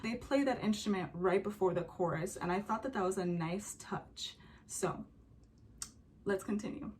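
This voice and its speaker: Against a noisy background, a young woman with a mid-range voice talks about a song at a moderate pace. She's chatty, leans on fillers, and hums or sings brief examples while she reacts.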